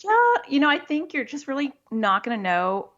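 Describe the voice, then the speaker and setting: A woman's voice: high voice, sing-song, normal speed, fairly bright tone, muffled recording. A woman who works as a child therapist, speaking as a podcast interview guest. She explains practical ideas and often acts out what a parent or child might say.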